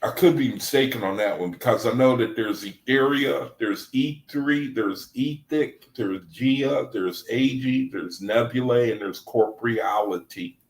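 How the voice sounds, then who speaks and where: A man's voice: medium pitch, a little slow, few pauses. Man talking loosely in an echoey room. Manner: loose and conversational, often adds "man"; reads scripture passages aloud between remarks. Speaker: Bible study group leader. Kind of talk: casual livestream scripture talk. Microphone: desk microphone.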